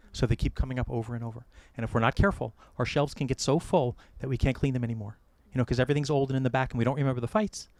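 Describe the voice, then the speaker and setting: A middle-aged American man officiating a wedding, giving joking, gentle advice to the couple. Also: medium pitch, no room sound. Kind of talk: wedding ceremony address. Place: outdoor or hall wedding ceremony.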